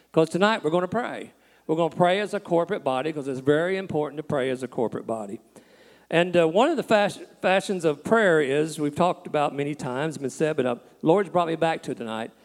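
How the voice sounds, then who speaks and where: A man's voice: on the high side, long reverb tail. A man who is a pastor, preaching a sermon in a folksy, storytelling way. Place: church.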